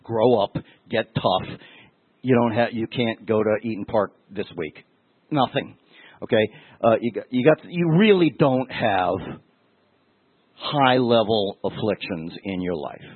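A man's voice: fairly low pitch, expressive, unhurried, breathy edge, no echo. A man, a pastor, giving a conversational, emotional sermon and telling stories straight to his listeners. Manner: emotional, storytelling, addresses listeners directly. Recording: tinny, phone-like dry sound.

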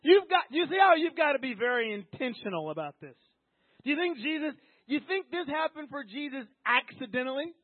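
A man's voice: very high-pitched, sing-song, fairly quick, no echo. A man preaching an emphatic, repetitive sermon, often acting out quoted voices. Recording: tinny phone-like line, dry.

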